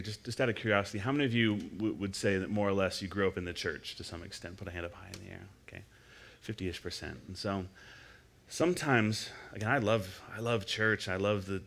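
Low-voiced middle-aged man preaching. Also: slight background noise. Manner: conversational, halting with many restarts; drops to soft murmured prayer and tongues. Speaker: guest speaker. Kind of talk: sermon with led prayer. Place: church service before a congregation.

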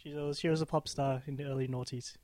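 A man's voice: medium pitch, flat delivery, fast, a little mellow, no room sound. A man co-hosting a casual podcast, adding dry, wry quips to the conversation. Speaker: podcast co-host. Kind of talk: casual banter.

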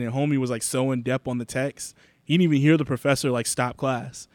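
A man's voice: mid-range voice, level tone, fast talker, a little mellow, no room sound. A young man co-hosting a podcast, telling a story in loose, profane, filler-heavy talk. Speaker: podcast co-host. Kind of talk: casual storytelling chat.

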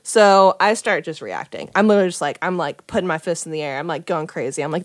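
A woman's voice: deep voice, expressive, fast, few pauses, no room sound, studio quality. A young woman in casual chat, telling a personal story with animation, acting out quoted lines and swearing freely.

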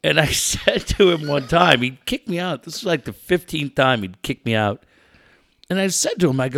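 A man's voice: a little high, lively intonation, moderate pace, vocal fry, a bit bright. A male sports broadcaster recalling ballpark stories in a casual talk, chatty and laughing.

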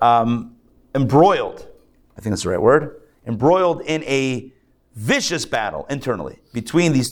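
A man, a rabbi, giving a conversational, joking lecture to a live class, thinking aloud and restarting his sentences. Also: mid-range voice. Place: synagogue class.

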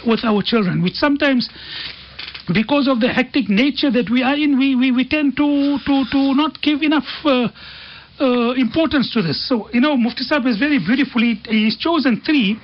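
The pitch of this man's voice is extremely high, and a little hiss or hum sits under the dull, dry radio studio sound. As a guest, he tells earnest stories on faith and family and quotes Arabic sayings.

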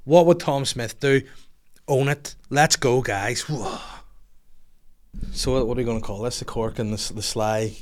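A man, hosting a podcast in a lively, joking, casual chat. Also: medium pitch, normal speed, pauses often. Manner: lively, joking, swearing freely. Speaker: podcast host.

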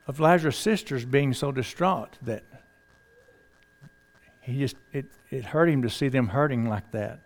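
A man's voice: mid-range voice, measured pace, long pauses. A man preaching a sermon in a conversational, folksy way, asking the congregation rhetorical questions.

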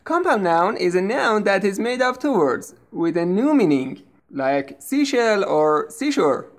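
Woman english teacher, slow and patient, voice goes up and down a lot, lesson dialogue. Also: medium pitch, big pitch swings. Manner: patient, explains slowly and clearly. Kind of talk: scripted language-lesson dialogue.

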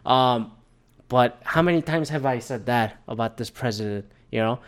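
A medium-pitched man talking at normal speed delivers a rambling, heated rant on the news. He swears frequently and imitates other people through quoted asides.

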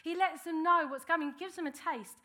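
A woman's voice: very high voice, a little fast, pushed and bright. A woman preaching a sermon in an earnest, conversational way.

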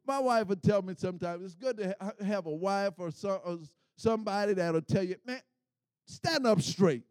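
A middle-aged man preaching a sermon, calling for responses from the congregation and swelling into shouts. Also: high voice, normal speed, dry recording.

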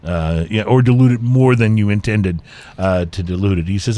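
A man co-hosting a casual chat, reading out points in a relaxed way with frequent hesitations. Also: lowish voice, normal speed. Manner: relaxed, hesitant with many fillers. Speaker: co-host.

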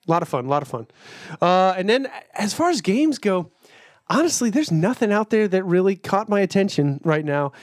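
A man talking loosely on a casual podcast, swearing and laughing as he goes. His voice sits a little high for a man. The sound is dry and close to the mic. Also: big pitch swings, moderate pace, dry recording. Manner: rambling, profane, laughs often. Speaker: podcast co-host. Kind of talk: casual chat.

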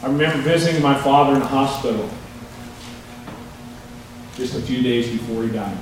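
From a distance in an echoey church sanctuary, a medium-pitched man preaches at normal speed, with a little hiss or hum in the audio. This pastor weaves folksy stories between scripture readings while the congregation answers back.

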